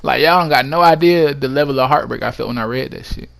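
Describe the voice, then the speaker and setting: A man rattles off a personal story at a rapid clip, in a casual vlog monologue. His delivery is emphatic and excitable, punctuated by plenty of swearing. His voice sits at an ordinary middle pitch. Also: vocal fry. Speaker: vlogger.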